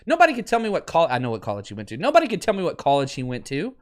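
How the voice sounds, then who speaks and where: A man hosting a sports podcast, ranting in an animated, exasperated way at a close desk mic, going from near-shouting to low muttering. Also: very fast. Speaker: podcast host. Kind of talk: sports talk rant.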